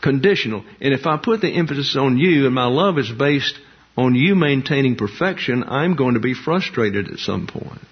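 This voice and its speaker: Husky-voiced man preaching doctrine. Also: medium pitch, animated. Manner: measured, emphatic, lists terms one by one. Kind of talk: doctrinal sermon. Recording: dull lo-fi sound.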